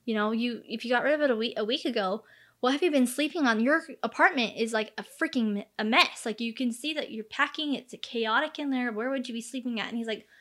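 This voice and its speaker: A woman in her thirties casually recounts a true crime case, chatty and full of fillers, acting out the quoted dialogue. She talks fast, with a little high, fairly bright voice.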